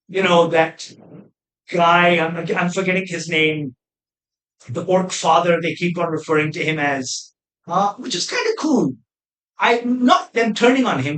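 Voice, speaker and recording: A man with a fairly high voice gives trailer-reaction commentary. He rambles with plenty of asides and sounds openly exasperated and opinionated. The recording rings with the echo of a bare room. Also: fairly bright tone. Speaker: film reviewer. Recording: echoey room.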